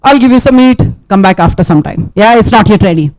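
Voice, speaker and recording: A woman's voice: medium pitch, expressive, a little fast, darkish tone, close to an everyday voice. A woman voicing a male lion who casually tells a hungry visitor to come back later. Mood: offhand. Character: male lion cooking meat, easygoing.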